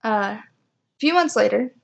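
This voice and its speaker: A woman's voice: fairly high pitch, lively intonation, normal speed, vocal fry, lo-fi sound. Chatty young woman telling a story. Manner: chatty, self-mocking, acts out quoted voices. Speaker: vlogger telling a personal story. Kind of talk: casual storytime chat.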